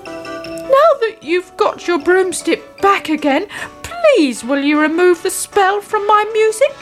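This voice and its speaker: A woman's voice: very high voice, sing-song, takes it slowly, soft background music, pitched above the performer's own voice, heavily acted. A woman voicing an old king who politely pleads with a witch. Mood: pleading. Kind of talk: storybook reading.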